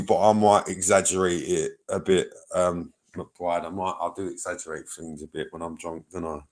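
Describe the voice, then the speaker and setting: Low-voiced bloke hosting a casual stream, rambling and cursing as he reads chat. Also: creaky. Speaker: livestreamer.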